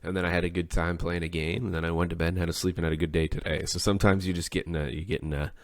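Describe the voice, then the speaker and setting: A man's voice: low voice, little pitch movement, very fast, no echo, clean studio sound. A man co-hosting a podcast in casual chat, rambling and acting out the things people say to him. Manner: rambling, acts out quoted speech. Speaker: podcast co-host; workplace supervisor.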